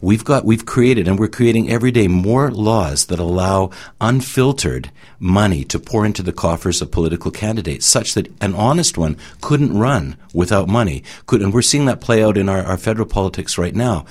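A man's voice: lowish voice, expressive, moderate pace, darkish tone. A man speaking earnestly and persuasively as a panelist, rambling a little as he makes his point. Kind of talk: opinionated panel discussion.

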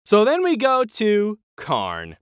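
A man's voice: high-pitched, takes it slowly, clear, resonant tone, dry recording, clean studio sound. A man co-hosting a podcast, retelling a TV episode in casual chat and acting out the lines as he goes. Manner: animated retelling with acted-out quotes. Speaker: podcast co-host.

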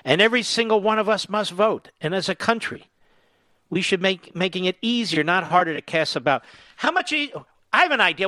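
Sarcastic and indignant, a talk radio host reads quotes on his political commentary show and responds until he's shouting angrily. He has a high-pitched, animated voice, speaks fairly quickly, and the recording has no echo.

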